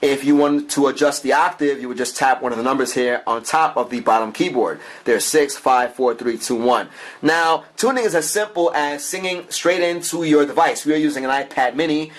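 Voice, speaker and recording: A man's voice: medium pitch, normal speed. A man doing a chatty, enthusiastic walkthrough of a music app, with fillers and frequent asides to the viewer. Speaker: app reviewer.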